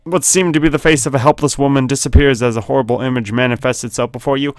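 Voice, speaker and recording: A man's voice: mid-range voice, fast talker, hardly any pauses, no echo. A man hosting a gaming video, reading a horror text game aloud and making jokey asides, often laughing.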